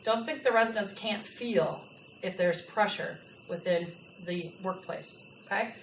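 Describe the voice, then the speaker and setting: Animated woman trainer in an echoey room. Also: medium pitch, unhurried. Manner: animated, asks the audience questions. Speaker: workplace trainer. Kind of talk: customer service training talk. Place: large room with a live audience. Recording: echoey room, from a distance, faint noise.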